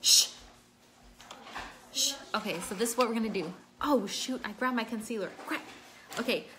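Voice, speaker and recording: At home indoors, a makeup vlogger chats casually through a tutorial in a scattered way, pausing to speak to her child and to viewers mid-task. Her voice is fairly high, fast and a bit bright, with slight background noise.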